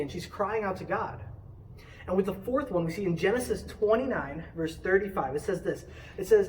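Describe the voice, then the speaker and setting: Youthful-sounding male preacher, chatty and animated, slightly high, distant mic. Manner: animated, conversational preaching with quick asides. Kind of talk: casual youth sermon.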